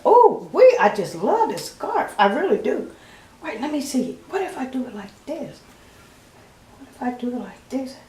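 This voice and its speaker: Woman, 50s, home vlogger, fairly high voice, leisurely and laughing, echoey room. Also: sing-song, moderate pace, warm tone. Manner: chatty, laughs often, addresses viewers as y'all. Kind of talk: casual chat to camera.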